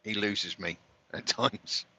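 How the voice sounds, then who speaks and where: Driving while he talks, a vlogger from London rambles casually in his London accent and laughs a lot. He has a lowish, husky voice that sounds pushed and bright, and he speaks at a slow pace.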